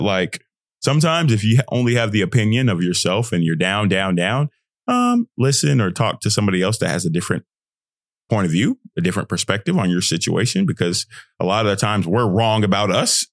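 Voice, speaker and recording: A man's voice: lowish voice, no echo, clean studio sound. A young man hosting his podcast, talking casually and bluntly, full of slang and tough-love advice. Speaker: podcast host. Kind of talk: casual motivational monologue.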